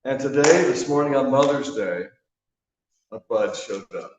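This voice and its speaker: A man giving a sermon in a church, telling stories in a relaxed, conversational way with frequent fillers. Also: mid-range voice, measured pace, background noise. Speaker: guest speaker. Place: church sanctuary. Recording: echoey church hall from a distance, dull.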